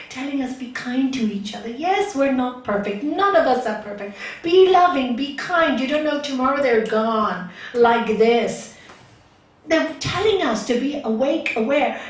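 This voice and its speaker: A woman's voice: high voice, expressive, normal speed. A woman spiritual teacher giving an earnest talk to a gathering, asking many rhetorical questions, recorded from far off in an echoey hall. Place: meeting hall.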